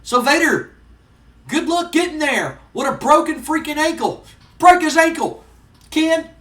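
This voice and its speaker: A man putting on the voice of a loud, gloating male wrestling manager who taunts and sneers. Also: extremely high pitch, expressive, a little slow, distant mic, voice pushed up, exaggerated voice. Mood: gloating, taunting. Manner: taunting, sneering, shouting insults. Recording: roomy, off-mic.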